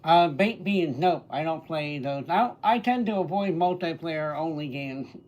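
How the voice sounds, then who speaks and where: A man's voice: on the high side, lively intonation, a little slow, a little mellow. Easygoing male streamer chatting with viewers. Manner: easygoing, greets viewers by name and answers their questions. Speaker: livestreamer and entertainer. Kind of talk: casual livestream chat answering viewer comments.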